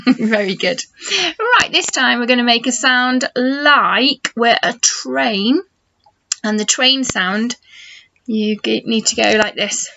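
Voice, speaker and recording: A middle-aged woman teaching phonics to young children, slow and encouraging as she models sounds for them to copy. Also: on the high side, pushed and bright, a little hiss or hum. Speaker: nursery teacher. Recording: dull lo-fi home video sound.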